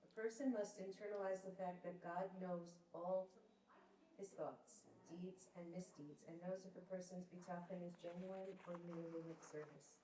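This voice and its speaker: A woman reading a text aloud in class, in a measured, careful way. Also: on the low side, fairly even intonation, warm tone, slight background noise. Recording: roomy, distant classroom mic.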